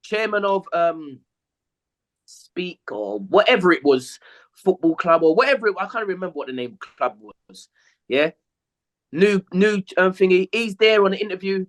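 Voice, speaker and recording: A man's voice: high voice, lively intonation, moderate pace. A man, co-hosting a casual football podcast, telling stories animatedly, acting out quotes and swearing freely. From England. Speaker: podcast co-host, former footballer. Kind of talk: casual chat.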